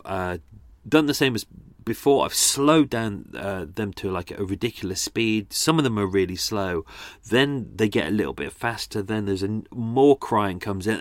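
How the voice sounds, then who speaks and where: A man hosting a podcast, casually and self-deprecatingly explaining how he edited audio, often halting mid-sentence. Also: lowish voice, no room sound. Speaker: podcast host. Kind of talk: casual behind-the-scenes talk about audio editing.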